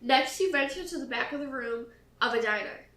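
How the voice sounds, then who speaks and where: A woman's voice: sits high, fairly quick, sharp tone. A woman co-hosting a podcast, casually reading a murder mystery aloud with blunt, joking asides. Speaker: podcast co-host. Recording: roomy echo.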